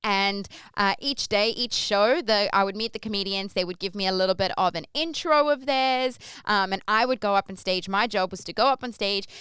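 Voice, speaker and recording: A woman's voice: medium pitch, moderate pace, few pauses, clear, resonant tone, no echo. A young adult Australian woman hosting a podcast, telling a long story in a chatty, rambling way. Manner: chatty, rambling, lively when acting out her stage intros. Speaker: podcast host. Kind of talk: casual storytelling.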